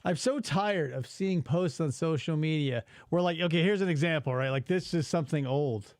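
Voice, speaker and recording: A man in his forties hosting a casual podcast, ranting in an exasperated, animated way and swearing freely. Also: on the high side, normal speed, no echo, studio quality. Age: 40s. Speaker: podcast host.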